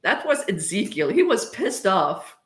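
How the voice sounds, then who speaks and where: A woman's voice: mid-range voice, very animated, unhurried. A woman, chatting casually and rambling off topic on a livestream from her home kitchen. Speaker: spiritual medium livestreaming. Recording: echoey room sound.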